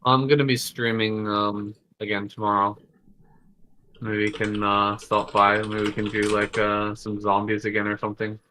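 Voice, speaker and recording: A man's voice: lowish voice, flat delivery, moderate pace, pushed and bright, slight background noise, low-quality recording. A man who casts games, chatting casually in a laid-back, hesitant way. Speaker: game caster. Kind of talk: casual chat.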